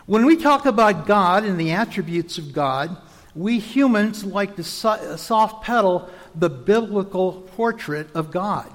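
A man with a high voice gives a measured teaching sermon, explaining step by step and sometimes restarting a word. His voice rings with a long reverb, as if in a large hall. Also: animated. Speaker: preacher.

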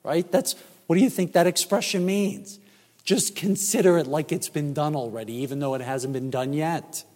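A man preaching a sermon as pastor, emphatic and measured, with rhetorical questions. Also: a little high, mellow. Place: church sanctuary. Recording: church hall reverb.

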